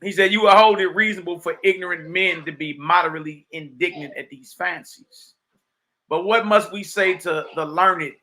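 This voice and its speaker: A man's voice: high-pitched, pushed and bright. A man giving a livestreamed religious teaching, preaching emphatically in a streetwise way and reading old texts aloud. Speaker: Bible teacher.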